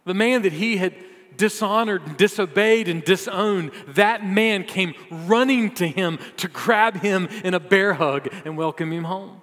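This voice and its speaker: A man delivering a sermon as a vivid story, his voice moderately high and swinging between loud bursts and hushed lines. A long hall reverb follows each phrase. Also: a little slow. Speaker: preacher.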